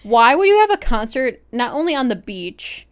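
Young American woman, slightly high voice, dry teasing remarks, casual chat. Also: very animated, normal speed, clean tone. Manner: wry teasing comebacks. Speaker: podcast co-host.

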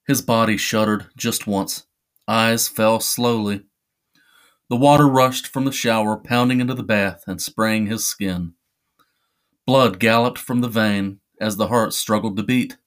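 A man, a podcast host, reading a horror short story aloud in a measured, deliberate way. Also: fairly low pitch, fairly bright tone.

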